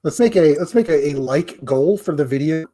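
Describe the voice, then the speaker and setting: A man's voice: a little high, animated, moderate pace, warm tone. Rambling, foul-mouthed male streamer. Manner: rambling, profane, self-deprecating. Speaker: livestream host. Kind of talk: casual live-stream chat.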